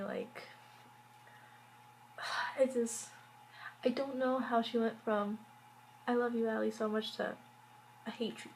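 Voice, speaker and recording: A woman's voice: a little high, creaky, a little mellow, slight background noise, low-quality recording. A woman reviewing a TV episode in a casual vlog, rambling with many "like"s and fillers and wry, exasperated asides. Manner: rambling, heavy use of "like" and fillers. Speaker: TV show reviewer.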